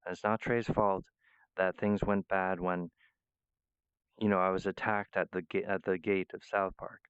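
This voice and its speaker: A man's voice: sits low, level tone, normal speed, clean tone, no room sound, dull audio. A man rambling through a profane, meandering monologue, often breaking off mid-phrase. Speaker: vlogger.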